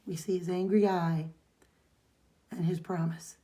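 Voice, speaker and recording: Mellow woman recapping a comic. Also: lowish voice, steady tone, measured pace. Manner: rambling recap, reads dialogue aloud. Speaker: podcast co-host. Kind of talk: casual chat recapping a comic.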